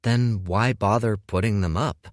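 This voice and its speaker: A guy doing a dry skeptical young apprentice, kinda deadpan, no room sound. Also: on the low side, measured pace, no room sound, close to an everyday voice. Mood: wry. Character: wry young male apprentice.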